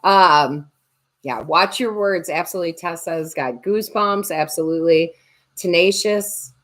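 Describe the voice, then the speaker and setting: A woman's voice: fairly low pitch, unhurried, fairly bright tone. A woman tarot reader and medium chatting on a livestream, joking and reading viewer comments aloud. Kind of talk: casual livestream chat.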